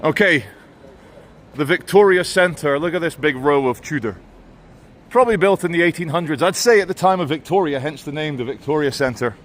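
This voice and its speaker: A man with a British English accent doing a walking vlog outdoors on a town high street, ranting sardonically with wry asides. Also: normal speed, a little hiss or hum. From England. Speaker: vlogger.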